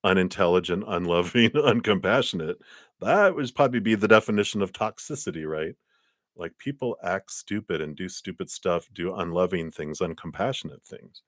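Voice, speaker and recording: Deep-voiced man giving a tarot reading. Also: moderate pace, no echo, studio quality. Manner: animated storytelling with acted quotes and sound effects. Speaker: tarot reader. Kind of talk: live-stream tarot reading. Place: indoors.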